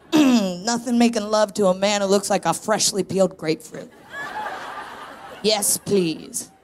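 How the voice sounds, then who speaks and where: A woman's voice: medium pitch, a little slow, background noise. A woman in her thirties doing a confessional, self-mocking stand-up set on a live stage, telling stories with punchy asides. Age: 30s. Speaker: stand-up comedian, co-host. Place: live stage in a tent venue before an audience.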